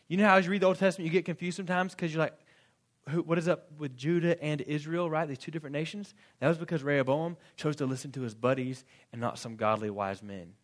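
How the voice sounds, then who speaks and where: Animated casual man preaching. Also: on the high side. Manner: casual, animated preaching with quick asides and acted-out quotes. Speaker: pastor. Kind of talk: sermon.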